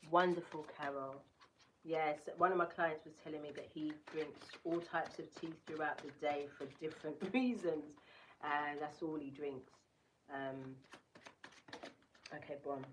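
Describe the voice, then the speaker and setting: A woman's voice: low-pitched, steady tone, a little slow, noisy background. A woman giving a casual collective tarot and crystal reading, reading card text aloud and breaking off into chatty asides. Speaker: tarot reader.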